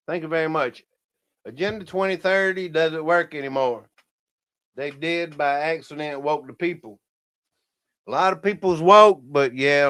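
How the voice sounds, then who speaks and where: Male streamer, fairly high smooth voice, rambling casual chat with lots of chuckles. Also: a bit bright. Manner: rambling, laughs often, talks to viewers as "y'all". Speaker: livestream host.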